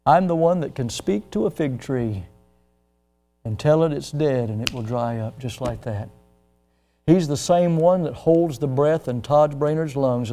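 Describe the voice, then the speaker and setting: Impassioned preacher in his sixties. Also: medium pitch. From United States. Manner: impassioned, emphatic, swings from hushed to loud. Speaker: pastor. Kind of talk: sermon.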